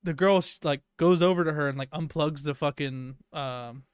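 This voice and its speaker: With a fairly high, clean-toned voice at normal speed, a young podcast co-host casually recounts a long workplace story. It rambles, with many fillers and plenty of swearing, and the studio-quality audio has no room sound.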